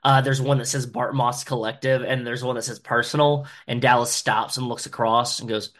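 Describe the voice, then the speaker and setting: Bright-voiced man playing a tabletop game. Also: mid-range voice, normal speed. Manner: loose, filler-heavy, excitable. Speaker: player. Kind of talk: casual tabletop role-play.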